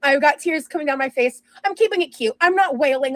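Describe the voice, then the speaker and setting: A woman's voice: sits high, animated, fast talker, hardly any pauses, no room sound, poor audio. A young woman telling a rambling personal story in casual chat, with lots of fillers and restarts. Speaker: streamer and podcast host.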